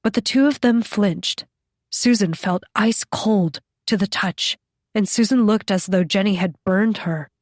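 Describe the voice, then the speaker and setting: A woman reading an audiobook as its narrator, in a measured, scripted delivery. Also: medium pitch, dry recording, studio quality.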